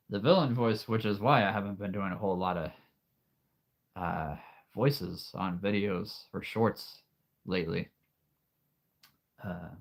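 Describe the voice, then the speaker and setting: A man with a sore throat hosting a casual livestream chat in an easygoing way. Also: lowish voice. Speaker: livestream host. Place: home livestream.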